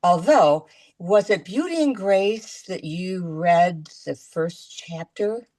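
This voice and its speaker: A woman talking as a guest in a casual video-call chat, chatty and halting, restarting her sentences often. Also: on the low side, animated, warm tone.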